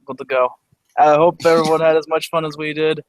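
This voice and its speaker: Relaxed podcast co-host man, dry sound. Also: fairly high pitch, brisk, no echo, rough recording. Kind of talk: casual podcast chat.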